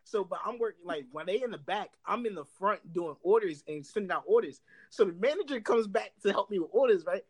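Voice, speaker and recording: A young man telling workplace stories in casual chat, animated and laughing, loudly acting out what others said. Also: sits high, fairly quick, few pauses, husky. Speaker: storyteller.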